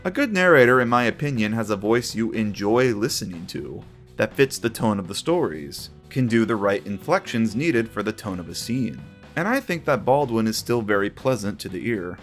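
A man's voice: fairly low pitch, big pitch swings, moderate pace, hardly any pauses, faint music behind. A man hosting a video essay, giving opinionated, conversational commentary on a children's TV series.

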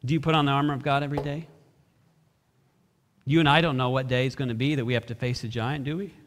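A man's voice: mid-range voice, fast talker. A man preaching a sermon as a pastor, reading scripture and briefly acting out the characters. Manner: expressive preaching, acts out brief voices of biblical characters. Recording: reverberant hall.

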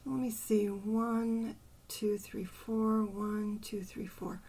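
An older woman hosting a poetry channel, thinking aloud and softly counting syllables under her breath as she picks a poem apart. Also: mid-range voice, little pitch movement, slow, husky. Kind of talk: casual poetry analysis.

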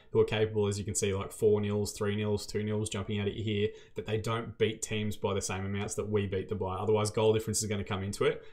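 A young man giving chatty, self-deprecating commentary over his gameplay. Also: fairly low pitch. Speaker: gaming YouTuber.

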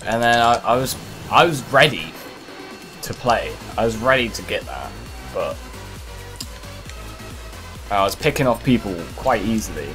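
A man's voice: lowish voice, lively intonation, measured pace, pauses often, pushed and bright, soft background music. A man commentating over his own gameplay in a frustrated manner, swearing often. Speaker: gaming commentator.

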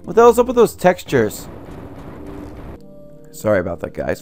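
A young man commenting on a video game as he plays, ranting angrily about his family and swearing, his throat sore from yelling. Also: lowish voice, huge pitch swings, brisk, long pauses, soft background music. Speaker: let's play host. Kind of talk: gameplay commentary.

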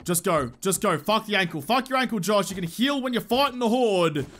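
A man's voice: high-pitched, lively intonation, a little fast, a bit bright. A young man giving frantic, swearing commentary to himself while playing a video game. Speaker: gaming channel host. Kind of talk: live gameplay commentary.

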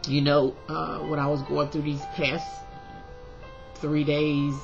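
A woman's voice: sits low, little pitch movement, slow pace, creaky. A woman doing a tarot reading vlog, talking passionately in a long, rambling rant. The sound is a little muffled, with faint music playing behind her. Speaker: tarot reader.

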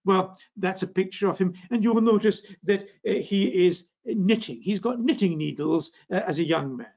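A man's voice: high-pitched, moderate pace, darkish tone, lo-fi sound. An older man with a northeast Scottish accent giving a public science lecture, genial, with frequent fillers and restarts. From Scotland. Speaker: physics lecturer.

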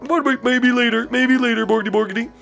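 Lady doing a goofy tv chef guy, sing-song, keeps babbling the same silly catchphrase, highish. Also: fast, vocal fry, a bit bright, faint music behind. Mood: cheery.

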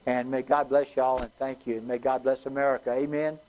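A man's voice: mid-range voice, little pitch movement, fairly quick, a little mellow, poor audio. A man leading a community constitution class, folksy and chatty with frequent restarts. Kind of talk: casual community class talk.

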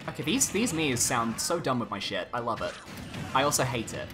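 A young man giving animated let's-play commentary, exclaiming and swinging between excitement and exasperation. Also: mid-range voice, brisk. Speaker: gaming YouTuber. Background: game music.

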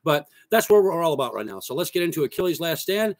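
A man's voice: a little high, sing-song, fast talker, no echo. A man teaching a casual drum lesson, explaining parts in a loose, plain way and counting rhythms aloud.

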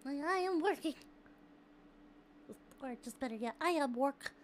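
A young woman streaming live, chatting with her viewers casually, excitable, laughing often and swearing freely. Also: high voice, a little slow, slight background noise. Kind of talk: casual chat with a live chat audience.

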